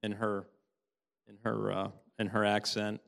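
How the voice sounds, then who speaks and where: A middle-aged man giving a tearful, halting personal testimony in church. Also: fairly low pitch, flat delivery, gravelly, fairly bright tone. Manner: halting, many restarts, laughs often. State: tearful, sobbing at times. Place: church hall. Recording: long hall reverb.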